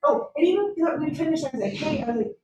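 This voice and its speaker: A woman's voice: sits high, fast. A woman, an actress and teacher, chatting casually and acting out quoted dialogue as she tells an anecdote. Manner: animated, acts out quoted dialogue. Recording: echoey room, far from the mic.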